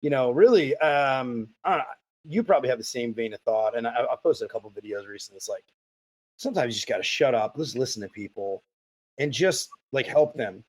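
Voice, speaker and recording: A man hosting a podcast interview, telling stories in a rambling, animated way. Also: medium pitch, fairly quick, breathy edge. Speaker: podcast host. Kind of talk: casual interview chat.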